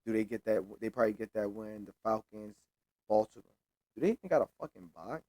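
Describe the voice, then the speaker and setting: A man's voice: lowish voice, animated, fast, darkish tone, dry recording. A young man hosting a sports show, making casual predictions alone, with loose, repetitive trash talk and free swearing.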